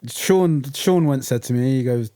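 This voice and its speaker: A young man co-hosting a podcast in casual chat, laid-back, quick to laugh and swearing casually. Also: mid-range voice, dark tone, smooth, dry recording, clean studio sound. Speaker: podcast co-host.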